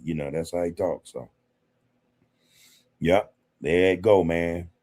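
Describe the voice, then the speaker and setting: Speaking into a streaming setup mic, this podcast host responds to chat comments casually and emphatically, with "man" and "you know" recurring often. His low voice moves slowly, a little mellow, with long pauses.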